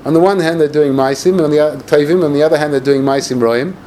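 A man giving a yeshiva-style Torah lecture as a rabbi, animated and sarcastic, peppering his English with Hebrew and Yiddish terms. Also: fairly high pitch, quick pace, slight background noise.

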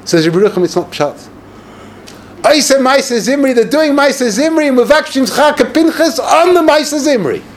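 A man giving a yeshiva-style Torah lecture as a rabbi, animated and sarcastic, peppering his English with Hebrew and Yiddish terms. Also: very high-pitched, moderate pace.

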